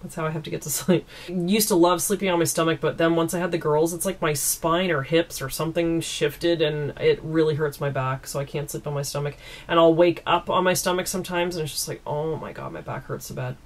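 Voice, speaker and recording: A woman's voice: deep voice, fairly even intonation, a little fast. A woman from East Coast Canada, chatting casually and giggling as she answers viewer questions at home into a camera mic. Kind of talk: casual Q&A chat.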